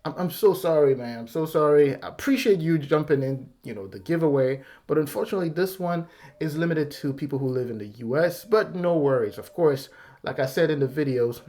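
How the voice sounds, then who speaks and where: A man's warm, slightly high voice moves a little fast as he hosts his channel's giveaway vlog on YouTube. He speaks casually and apologetically, rambling along and laughing nervously.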